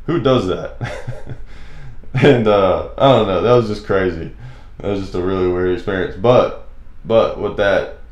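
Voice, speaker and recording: A man's voice: low-pitched, a little mellow, echoey room. A man hosting a casual monologue show, telling stories and airing opinions in a rambling, conversational way. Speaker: radio show host.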